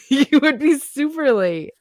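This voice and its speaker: A woman's voice: sits high, sing-song, slow, dry recording, studio quality. A young woman in her twenties co-hosting a podcast, asking questions in a playful, teasing way. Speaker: podcast co-host. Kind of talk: casual chat.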